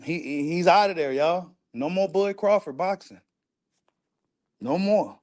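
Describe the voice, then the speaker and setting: A man talks in a high, excitable register as he reacts to a video. He repeats lines for emphasis and drops curse words freely, in loose casual commentary. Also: a little slow. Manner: repetitive, emphatic, profane street talk.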